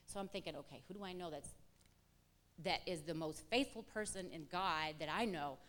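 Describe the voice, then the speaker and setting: A woman's voice: fairly low pitch, moderate pace. A middle-aged woman telling her personal testimony to a church congregation, vividly acting out remembered conversations. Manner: animated storyteller acting out quoted exchanges. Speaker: church member giving testimony. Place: church hall. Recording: long church hall reverb.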